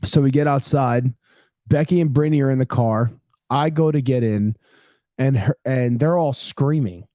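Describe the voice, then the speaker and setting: A man's voice: medium pitch, moderate pace, dry recording, studio quality. A man in his thirties, a podcast co-host telling a long story in casual chat, acting out what people said and swearing freely. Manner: animated storyteller, acts out quotes, swears casually.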